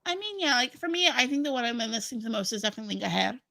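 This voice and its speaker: A woman co-hosting a casual livestream, joking wryly and filling pauses with "um" and "like". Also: a little high, expressive, vocal fry, pushed and bright. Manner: wry, joking, many "um" and "like". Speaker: co-host of a livestream. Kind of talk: casual chat.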